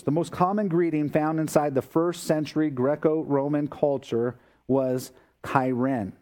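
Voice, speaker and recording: A man's voice: medium pitch, warm tone. A man preaching a sermon as a pastor, explaining scripture in a conversational way with everyday asides.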